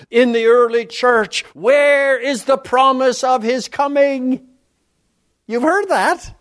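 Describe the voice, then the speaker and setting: High-voiced, slow-preaching man. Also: fairly bright tone. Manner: reads scripture aloud with sweeping rises and drops in pitch. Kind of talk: sermon.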